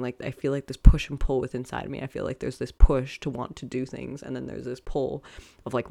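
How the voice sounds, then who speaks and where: A man's voice: medium pitch, gravelly, a little mellow, no echo. A man hosting a solo podcast, talking reflectively and candidly in a casual way, swearing often and leaning on fillers. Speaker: podcast host and coach.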